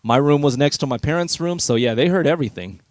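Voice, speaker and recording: A man's voice: fairly high pitch, fast talker, a little mellow, no echo, clean studio sound. A middle-aged man, a veteran DJ, telling stories in an easygoing, reminiscing way during an interview. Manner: easygoing, reminiscing, chuckles often. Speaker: veteran DJ guest. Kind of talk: relaxed storytelling interview.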